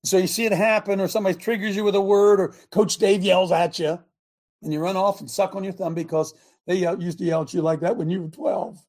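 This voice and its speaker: A man's voice: high voice, flat delivery, brisk, a little mellow. A middle-aged man hosting a show and preaching a conversational sermon, fervent and often checking that listeners follow him.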